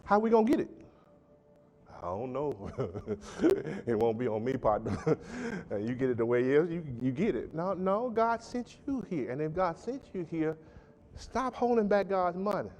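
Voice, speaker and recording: A man pastor preaching a sermon with emphatic call-and-response delivery, swinging between loud and soft. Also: fairly high pitch, very animated, unhurried. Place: church sanctuary. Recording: church hall with long reverb.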